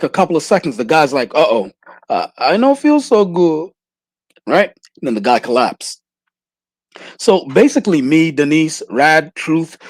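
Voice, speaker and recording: A man's voice: mid-range voice, slightly rough, no echo. A man in his thirties hosting a casual livestream, rambling and repeating himself while he talks to listeners. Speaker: livestream host.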